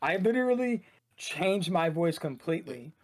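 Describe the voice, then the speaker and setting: A man chatting casually as a podcast guest, talking loosely and rambling with lots of "like". His voice sits a little high for a man. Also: very animated, moderate pace. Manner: loose, rambling, heavy use of "like". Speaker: esports shoutcaster and guest.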